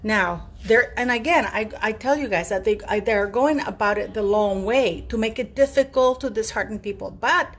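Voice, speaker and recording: A woman's voice: mid-range voice, normal speed, few pauses. A woman hosting her own channel, talking to viewers in a casual commentary monologue. She is emphatic, stresses her words and repeats her points. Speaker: YouTube channel host.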